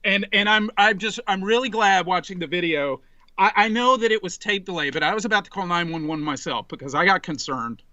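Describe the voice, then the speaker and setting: A man in his forties, a podcast guest, telling an animated, rambling story in casual chat, full of restarts. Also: sits high, brisk, dry recording, highs cut off.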